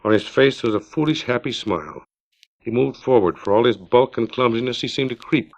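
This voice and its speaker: A middle-aged man, the author, reads his own short story aloud in a steady, unhurried storytelling manner. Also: medium pitch, vocal fry. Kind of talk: measured literary reading. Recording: dull lo-fi 1950s LP recording.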